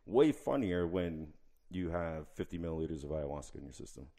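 A young man in casual chat, telling an animated, profane story full of quoted asides. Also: extremely low pitch, a little fast, gravelly.

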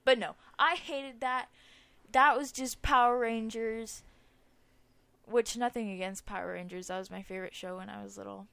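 A woman's voice: on the high side, fairly even intonation, normal speed, gravelly, pushed and bright, clean tone. A teenage girl co-hosting a podcast, giving blunt opinions and giggling often. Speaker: podcast co-host. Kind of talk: casual chat.

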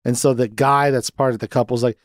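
Man, podcast host, casual film recap, mid-pitched, dry close sound. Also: fairly even intonation, quick pace, no room sound. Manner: rambling recaps with quoted lines and frequent laughs. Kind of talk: casual movie discussion.

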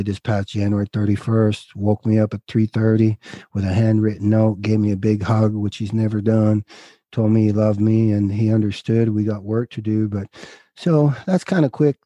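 A middle-aged man telling his personal story as a podcast guest, casual and candid, calling the host "dude" and pausing when emotional. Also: mid-range voice, mellow, no echo. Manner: casual, says dude, halting and emotional at times.

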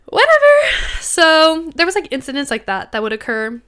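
Young woman, podcast co-host, casual storytelling, bright tone, smooth clear voice, animated, swearing. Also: a little high, fast.

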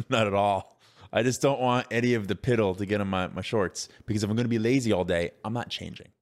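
A man's voice: on the low side, a little fast. A man co-hosting a casual podcast chat, rambling with many fillers and restarts and laughing easily. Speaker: podcast co-host.

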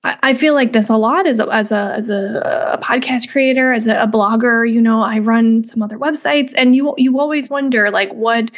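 A young woman hosting a music podcast chats casually in a fairly high voice at a moderate pace, barely pausing. Her commentary is full of fillers and restarts.

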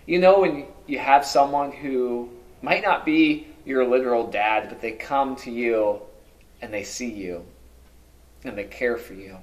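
A male pastor delivers a sermon in a medium-pitched voice, posing one rhetorical question after another. He swings between loud, emphatic passages and quiet, hushed lines.

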